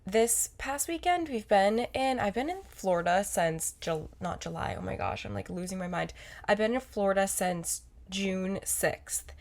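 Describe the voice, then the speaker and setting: A woman's voice: medium pitch, expressive, a little slow, creaky, a little mellow. A young woman co-hosting a podcast in casual chat, rambling and correcting herself as she goes. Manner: rambling, self-correcting, lots of fillers. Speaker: podcast co-host.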